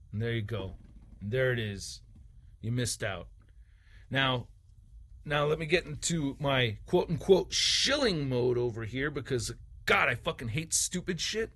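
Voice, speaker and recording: A toy reviewer rants heatedly in an opinion vlog, swearing and throwing in mocking, sarcastic jabs. His voice is medium-pitched and a bit bright, with a breathy edge.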